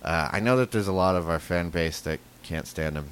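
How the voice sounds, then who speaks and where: A man's voice: deep voice, fairly quick, slight background noise. A man co-hosting a casual football fan podcast, swearing freely and telling stories with animation. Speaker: podcast co-host.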